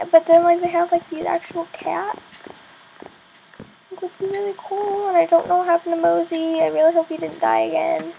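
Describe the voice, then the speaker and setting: A high-voiced female gaming YouTuber talks her way through a game, chatty and easily excited. Her voice carries a gravelly fry, and faint noise sits behind the recording. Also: poor audio. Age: young girl per page; adult voice unsure. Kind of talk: game commentary.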